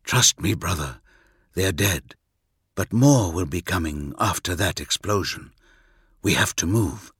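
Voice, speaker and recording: A man lowering his voice into a gruff, battle-hardened warrior commander who speaks in short, urgent orders. The voice sits well below the narrator's own and keeps a bright, forceful edge. It is heard close and dry, as in an audiobook booth. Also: animated, unhurried, dry recording, heavily acted. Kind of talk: audiobook character voice.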